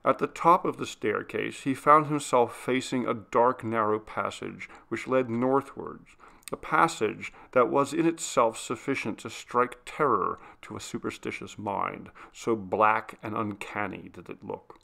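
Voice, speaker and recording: A man reading a classic ghost story aloud in a steady, measured style of scripted narration. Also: medium pitch, creaky. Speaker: audiobook reader.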